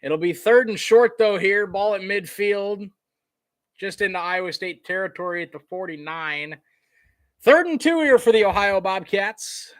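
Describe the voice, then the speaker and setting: Bright-voiced casual male play-by-play caller. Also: high-pitched, measured pace, no echo, clean studio sound. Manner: conversational, fillers, gets excited on big plays. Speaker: live game commentator.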